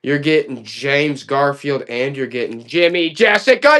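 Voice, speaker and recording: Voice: medium pitch, animated, unhurried, few pauses, fairly bright tone. A live online auction seller running a stream with playful, joking sales banter.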